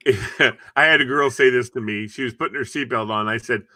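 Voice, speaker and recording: A man's voice: medium pitch, normal speed, sharp tone, dry recording. A man hosting a casual group chat show, telling stories with lots of laughter and animation. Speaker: show host.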